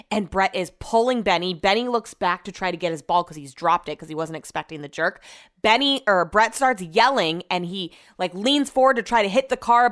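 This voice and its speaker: A woman's voice: medium pitch, fairly bright tone. Chatty swearing Californian woman vlogger. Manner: chatty, swears often, rambling with restarts. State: shaken and upset. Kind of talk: casual storytelling vlog.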